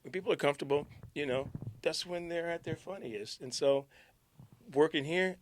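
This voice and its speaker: At a radio station, a middle-aged man who used to host morning radio tells stories in a casual interview, joking and laughing often. His voice is fairly high-pitched and moves at normal speed.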